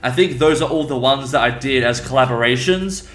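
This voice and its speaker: A man's voice: mid-range voice, a little fast, a bit bright. An upbeat man answering viewer questions in a casual, chatty way. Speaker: YouTuber and voice actor. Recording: echoey room.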